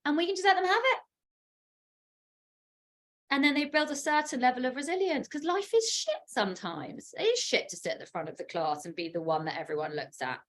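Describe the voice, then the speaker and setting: A woman parenting coach hosting a podcast chat, talking in an animated, emphatic way with frequent laughs. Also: fairly high pitch.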